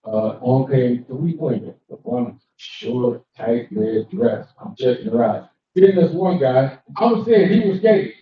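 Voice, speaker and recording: Acting out characters from his stories, an older comedian delivers a brash, profane stand-up set live in a cigar lounge. He speaks slowly at a medium pitch and sounds animated. The room sound is echoey and dull, recorded from afar.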